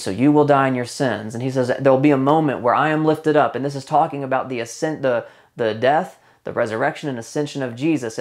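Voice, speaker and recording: A man delivering a sermon in a conversational, teaching manner. His voice sits at an ordinary middle pitch. He often slows down to stress a point and repeats key phrases for weight. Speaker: pastor.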